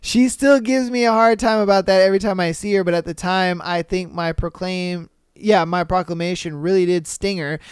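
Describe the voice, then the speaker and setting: Brief: male podcast host, smooth clear voice, dry close sound, crude slangy commentary. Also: high voice, fairly even intonation, normal speed, few pauses, dry recording. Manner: profane, slangy, laughing reactions. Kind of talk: casual podcast reading listener posts with commentary.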